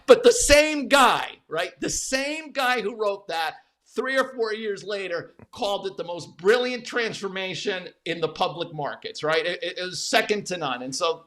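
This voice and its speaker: A man's voice: high-pitched, normal speed. Emphatic, blunt-talking man. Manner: emphatic, profane, repeats words when animated. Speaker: interview guest, former media executive. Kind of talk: candid conversational storytelling.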